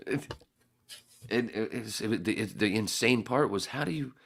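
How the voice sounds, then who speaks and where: A man's voice: fairly low pitch, moderate pace, gravelly. A man hosting a podcast, telling a rambling, profane story in casual chat. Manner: profane, rambling, animated when acting out the story. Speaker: podcast host.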